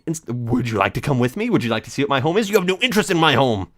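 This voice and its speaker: Male let's play host, theatrical rambler, very animated delivery. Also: medium pitch, racing, hardly any pauses, dry recording. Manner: theatrical, rambling, mock-dramatic.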